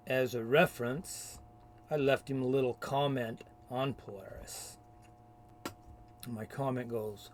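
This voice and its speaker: A man's voice: mid-range voice, darkish tone. A man delivering a combative, insulting rant in a video rebuttal. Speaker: video commentator. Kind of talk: ranting rebuttal.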